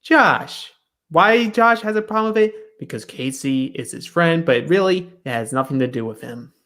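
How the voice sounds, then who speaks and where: A man's voice: on the high side, expressive, normal speed, sharp tone. A man co-hosting a reality show recap in a casual chat, retelling scenes and briefly acting out the cast's lines.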